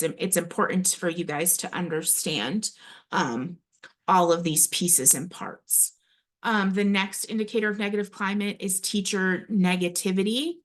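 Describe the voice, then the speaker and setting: Hesitant woman trainer, lowish voice. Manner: hesitant, frequent ums and restarts. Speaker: early childhood classroom observation trainer. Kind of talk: recorded training presentation.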